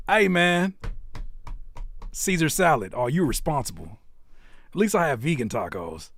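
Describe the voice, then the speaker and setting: Animated man hosting a live stream. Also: fairly high pitch, unhurried, long pauses, slight background noise. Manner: animated and playful, reads chat aloud and teases viewers. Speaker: host of a live music reaction stream. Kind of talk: casual live-stream chat.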